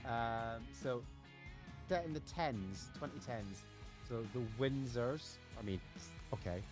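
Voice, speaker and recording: A man's voice: medium pitch, slow pace, music in the background. A man co-hosting a casual podcast chat, rambling with lots of fillers and enthusiasm. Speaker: podcast co-host.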